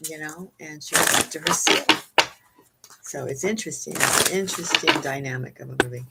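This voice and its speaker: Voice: mid-range voice, heavy background noise. A spiritual card reader at home, chatting casually through an oracle card reading in a rambling, giggly way with many fillers.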